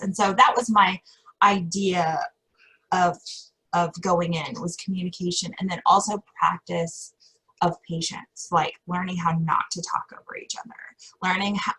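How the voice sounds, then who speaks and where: A woman's voice: lowish voice, a bit bright, husky, low-quality recording. A middle-aged woman chatting as a guest in an interview, rambling and self-correcting with frequent laughter. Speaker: podcast guest. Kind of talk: casual interview chat.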